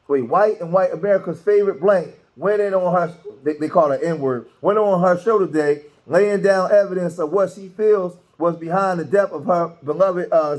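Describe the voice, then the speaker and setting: A man hosting political commentary, talking loosely with many restarts and reading posts aloud. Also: high voice. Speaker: commentary host.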